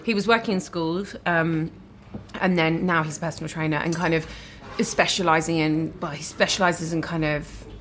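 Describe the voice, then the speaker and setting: A woman's voice: deep voice, fairly even intonation, normal speed, slight background noise. Chatty woman guest at a restaurant meal. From London. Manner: chatty, giggly, warm-hearted. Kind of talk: casual chat over a restaurant meal. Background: cutlery and dishes clattering.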